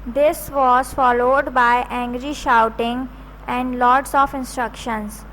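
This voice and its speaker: A woman teacher reads a storybook aloud to her class at a very slow, careful pace. Her voice sits high. She pauses to spell key words out letter by letter, in the measured way of classroom dictation. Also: fairly even intonation, fairly bright tone, slight background noise, low-quality recording.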